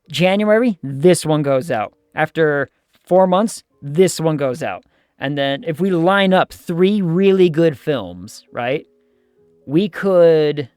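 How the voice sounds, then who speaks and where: Casting note: male streamer, slightly higher voice, chatty, thinks out loud, dry close-mic sound. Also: smooth, no echo. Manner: chatty, thinks aloud, jokes with chat. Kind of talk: casual game commentary.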